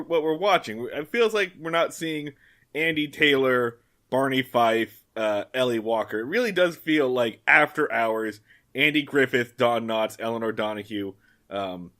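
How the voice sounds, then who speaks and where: A man co-hosting a podcast, casually recapping a TV episode, animated and quick to laugh and act out lines. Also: mid-range voice. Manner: animated, laughs often, acts out characters' lines. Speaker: podcast co-host.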